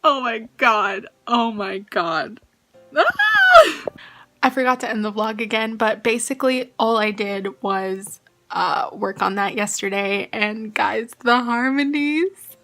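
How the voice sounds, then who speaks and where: Bubbly bright-voiced young woman vlogging. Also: mid-range voice, a little slow, faint music behind. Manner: bubbly, giggly, excitable. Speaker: vlogger and singer. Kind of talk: casual vlog chat. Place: home, kitchen.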